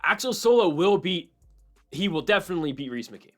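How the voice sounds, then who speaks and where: Animated opinionated man breaking down fights. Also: sits high, soft background music. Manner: animated, opinionated, mimics people in quick asides. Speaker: MMA prediction channel host. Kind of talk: solo fight-prediction commentary.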